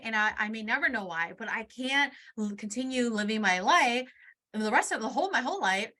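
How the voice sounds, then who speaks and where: A woman's voice: on the high side, bright, forceful tone. A young woman hosting a podcast, speaking candidly about her own life in a personal monologue, swearing casually and repeating words for emphasis. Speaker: podcast host.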